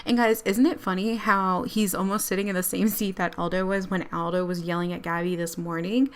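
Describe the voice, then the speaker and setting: A woman's voice: lowish voice, flat delivery, a little fast, clear, resonant tone. A young woman casually narrating a life-sim game and chatting directly to her viewers. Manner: chatty, speaks to viewers directly, giggles often. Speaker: let's play creator.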